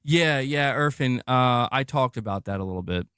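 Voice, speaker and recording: A man's voice: mid-range voice, animated, normal speed, fairly bright tone, smooth, no room sound, studio quality. Exasperated man ranting on gaming podcast. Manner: ranting, exasperated, repeats himself. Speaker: podcast co-host. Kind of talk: casual gaming podcast rant.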